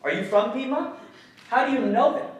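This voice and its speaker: A man giving a public lecture as an educator, animated, questioning the audience and swearing casually. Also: very high-pitched, moderate pace. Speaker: guest speaker, educator. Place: lecture hall. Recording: echoey hall, mic some distance off.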